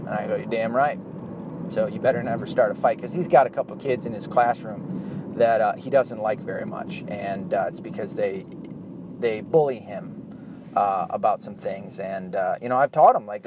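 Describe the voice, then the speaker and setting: A man's voice: on the low side, normal speed, darkish tone. A man in his thirties talking casually about fatherhood, blunt and profane, rambling with lots of fillers. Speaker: dad vlogger. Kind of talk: casual monologue to camera. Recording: outdoor traffic noise behind.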